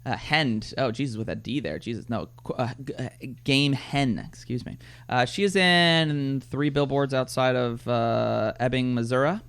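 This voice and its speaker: A man co-hosting a casual film review podcast, joking loudly and swearing freely. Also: medium pitch, smooth. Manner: rapid, boisterous, profane joking. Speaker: podcast co-host.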